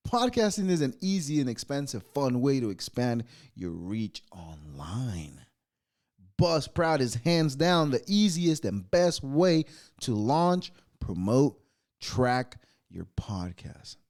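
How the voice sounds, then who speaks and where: A man's voice: medium pitch, sing-song, takes it slowly, a little mellow. A man hosting a solo podcast, reading ad and holiday copy aloud, stumbling over words, laughing at himself and swearing offhand. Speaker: podcast host.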